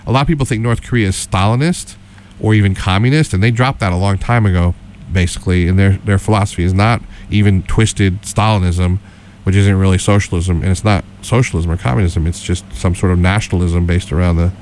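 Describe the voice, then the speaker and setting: A man's voice: sits low, fairly even intonation, a little fast, darkish tone, slight background noise. A middle-aged man co-hosting a political radio show, talking casually and rambling with many restarts and fillers.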